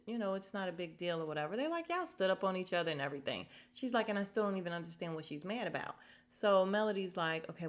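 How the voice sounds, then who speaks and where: A woman with a slightly low voice talks through a reality-show episode in a casual podcast recap. She is opinionated and chatty, and she slips into quick impressions of what the cast said. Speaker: podcast host.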